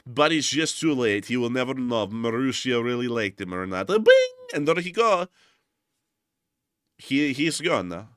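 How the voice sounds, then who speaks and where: A man giving casual war news commentary over clips, jokey with deadpan puns and broken-English asides. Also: medium pitch, moderate pace, hardly any pauses, dry recording, clean studio sound.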